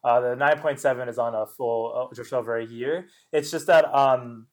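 A man's voice: mid-range voice, fairly even intonation, moderate pace. A man co-hosting a casual tech podcast, explaining technical matters in a knowledgeable, wry way. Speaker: podcast co-host.

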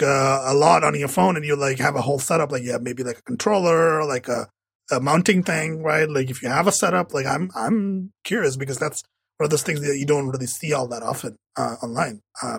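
A man's voice: mid-range voice, creaky, husky, dry recording. A man co-hosting a casual tech podcast, rambling with many fillers and restarts. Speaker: podcast co-host.

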